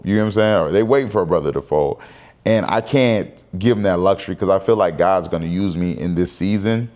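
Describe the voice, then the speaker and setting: Man, 30s, very deep voice, casual vlog, candid, conversational, talking to camera. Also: darkish tone. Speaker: vlogger.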